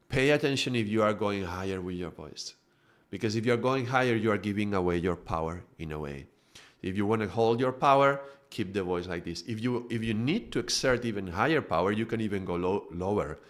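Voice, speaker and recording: Male yoga teacher, low voice, explanatory live talk. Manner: explanatory, demonstrates with his own voice.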